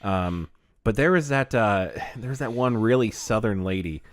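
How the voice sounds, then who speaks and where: A man's voice: fairly low pitch, lively intonation, moderate pace, no room sound. A man co-hosting a podcast in casual chat, rambling with many restarts and laughing often. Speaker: podcast co-host.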